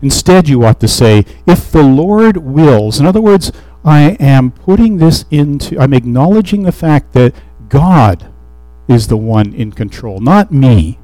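A man's voice: medium pitch, very animated, unhurried, mellow, dry recording, poor audio. A man preaching a sermon, reading scripture aloud and explaining it in a conversational way with restarts and fillers.

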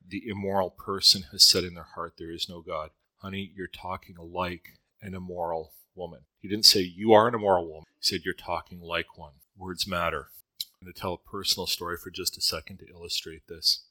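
A man's voice: sits low, sharp tone, no echo, low-quality recording. A man teaching a sermon on a Bible passage in a conversational way, weaving in personal stories. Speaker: preacher.

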